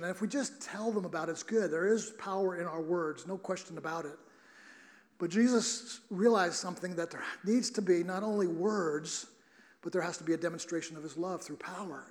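High-voiced earnest male preacher. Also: fairly quick. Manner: earnest storytelling, many restarts. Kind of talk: sermon.

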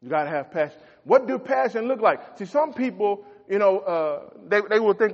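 A middle-aged man preaching a folksy sermon as a pastor, swinging between shouts and quiet asides. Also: high voice, expressive, normal speed, hardly any pauses. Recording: echoey hall, dull lo-fi sound.

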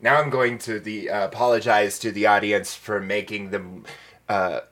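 A man's voice: on the low side, level tone, moderate pace, a bit bright. A man co-hosting a podcast in casual chat, hesitant with many fillers. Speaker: podcast co-host.

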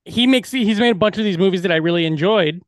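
A man co-hosting a podcast in casual chat, talking in an animated way with lots of "like". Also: high-pitched, quick pace, no room sound, clean studio sound. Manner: animated, chatty, heavy use of "like". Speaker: podcast co-host.

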